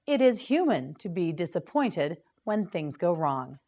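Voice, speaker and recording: A woman teaching English vocabulary to beginners, repeating each word slowly and clearly with patient prompts. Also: fairly low pitch, very animated, dark tone. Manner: patient, clearly enunciated repetition. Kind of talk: slow vocabulary drill for beginners.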